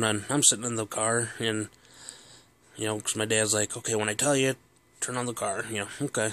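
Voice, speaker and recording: A man's voice: fairly low pitch, fairly bright tone. A man casually telling a story from his childhood, rambling with many fillers and chuckling as he goes.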